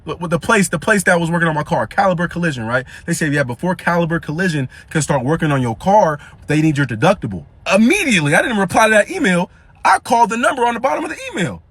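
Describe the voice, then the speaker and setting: High-voiced young man telling a story. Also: fast talker, breathy edge. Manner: slangy, animated retelling with quoted dialogue. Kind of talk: casual storytelling.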